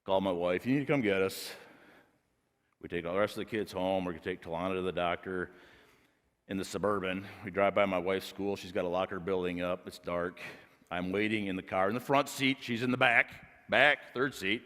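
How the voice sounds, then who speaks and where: Pastor preaching in a reverberant hall. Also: male voice, sits low, fairly even intonation, a little fast. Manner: storytelling, building to loud emphatic preaching. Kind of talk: sermon. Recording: long reverb of a large hall.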